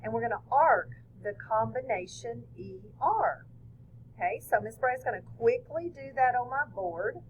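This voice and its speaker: A woman's voice: a little high, expressive, normal speed, muffled recording, a little hiss or hum. A woman teacher explaining a phonics lesson patiently step by step.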